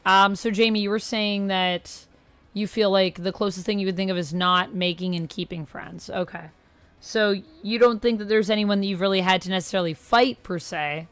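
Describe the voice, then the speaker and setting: A woman's voice: mid-range voice, fairly even intonation, moderate pace, no room sound. Chatty woman streamer. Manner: chatty, reads and answers viewer comments. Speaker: streamer, tarot reader. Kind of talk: casual livestream chat.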